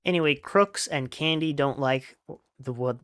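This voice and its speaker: Casual, smooth-voiced man retelling a story. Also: fairly high pitch, unhurried, a bit bright. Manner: casual, chatty, with fillers. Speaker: podcast host.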